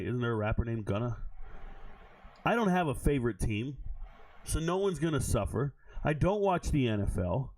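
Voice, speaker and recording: A man's voice: mid-range voice, a little mellow. A man hosting a casual livestream as a sports analyst, blunt and profane, laughing often.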